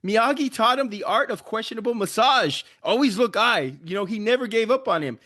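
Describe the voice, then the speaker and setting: A man's voice: high voice, animated, brisk, sharp tone, no echo, clean studio sound. A man co-hosting a comedic movie debate podcast, making his case with jokes, hype and profanity. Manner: hyped, joking, profane. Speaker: podcast co-host.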